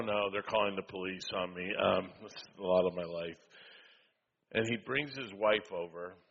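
A man with a husky voice telling a chatty, self-deprecating story in a sermon-style talk. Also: deep voice, a bit bright. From USA. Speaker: speaker. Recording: echoey hall, dull lo-fi sound.

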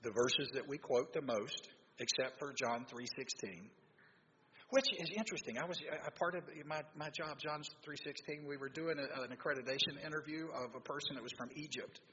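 Male preacher, conversational sermon, mid pitch, quizzes the crowd, long reverb, dull lo-fi sound. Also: brisk, bright, forceful tone, a little hiss or hum. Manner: conversational, quizzes the audience, frequent restarts. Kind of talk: sermon to a live congregation.

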